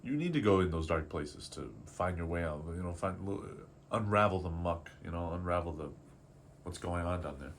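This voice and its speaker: Twenties male artist, low-pitched, raw and rambling confessional delivery, faint background noise. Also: animated, normal speed. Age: 20s. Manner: emotional, rambling, self-doubting, swears casually. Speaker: artist vlogger. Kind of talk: candid confessional vlog.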